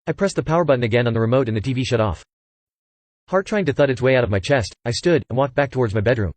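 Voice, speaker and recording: Guy reading a creepy story, mid pitch, dead dry close mic, even delivery. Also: fast talker, no room sound. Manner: reads punctuation aloud, flat and even. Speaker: narrator. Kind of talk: scripted horror story narration.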